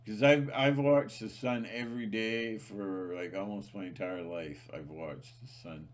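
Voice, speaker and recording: A man with a fairly low voice talks to his channel's viewers in a loose, rambling monologue. He leans hard on repeated words, trails off, and restarts his sentences often. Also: measured pace. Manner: emphatic, repetitive, many restarts and fillers. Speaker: channel host.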